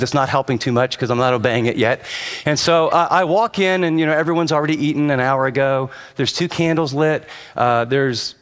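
A middle-aged pastor with a fairly high voice preaches a sermon, animated and acting out the people he quotes. His delivery shifts between soft and emphatic, and the recording carries the long reverb of a hall.

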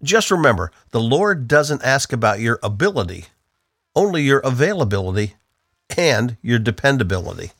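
A man's voice: medium pitch, very animated, moderate pace, fairly bright tone, dry recording, clean studio sound. A man from the northeastern United States giving an earnest, emphatic devotional Bible teaching on the radio.

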